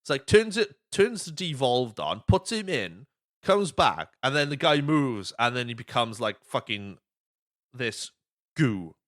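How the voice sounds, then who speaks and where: A man's voice: medium pitch, sing-song, a little slow, a bit bright. A man hosting a casual podcast, retelling movie scenes with lots of swearing and quoted voices. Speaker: podcast host.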